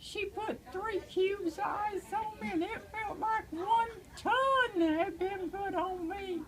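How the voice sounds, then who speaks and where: Slow high-voiced older woman. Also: fairly bright tone, poor audio. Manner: halting, many pauses and fillers, tearful in places. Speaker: evangelist. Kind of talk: personal testimony storytelling.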